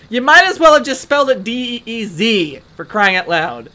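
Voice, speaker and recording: A woman's voice: medium pitch, expressive, normal speed, sharp tone, slight background noise. A woman hosting a let's play, giving chatty, rambling and self-mocking commentary over gameplay.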